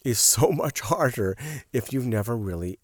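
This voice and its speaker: A man with a hoarse, sick-sounding voice, chatting casually in a rambling solo monologue with many fillers. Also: medium pitch, animated, normal speed, no echo, studio quality. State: hoarse from a cold. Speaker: podcast host and voiceover artist.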